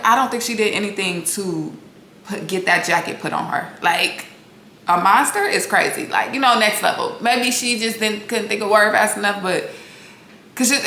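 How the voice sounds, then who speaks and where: A woman's voice: medium pitch, bright, forceful tone. A woman hosting a reality TV recap, talking casually to her viewers in a blunt, sassy and profane way. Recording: echoey room with faint noise.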